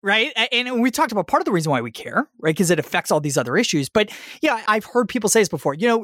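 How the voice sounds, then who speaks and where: A man's voice: high voice, very animated, quick pace, hardly any pauses, a bit bright, no room sound, studio quality. A man hosting a faith podcast, asking questions in an enthusiastic, affirming way. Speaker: podcast host. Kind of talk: podcast interview.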